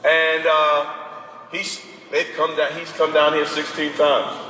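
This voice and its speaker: A man with a bright, somewhat high voice speaks lively and conversationally to a room of parents, taking their questions. He is heard from a distance in a large, echoing hall with a long reverb tail and a faint hum of noise behind him. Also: slow. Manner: animated and conversational, acts out parents and coaches. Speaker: basketball recruiting advisor speaking to parents. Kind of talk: informal talk to an audience with questions.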